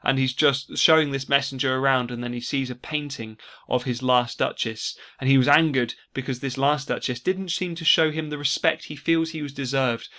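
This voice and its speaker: A man teaching an exam revision lesson, explaining steadily and slowing down to stress key words. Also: mid-range voice, steady tone, pushed and bright. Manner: explanatory, repeats key words slowly for emphasis. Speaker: English teacher.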